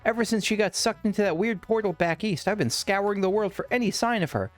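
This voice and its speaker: A man's voice: high-pitched, animated, fast, faint music behind, voice pushed up. A man reading game dialogue aloud as a lovesick, devoted male admirer who watches from the shadows.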